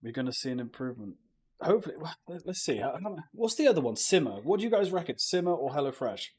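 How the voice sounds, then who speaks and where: A young British streamer keeps it loose and joking with chat, swearing a lot as he talks. His voice sits on the high side, sounding sing-song, darkish, and husky, at a quick pace.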